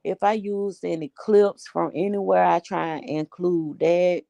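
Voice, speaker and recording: A woman's voice: on the low side, fairly even intonation, a little slow, vocal fry, mellow, dry recording. A woman hosting a casual group chat, blunt and slangy, laughing often. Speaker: host.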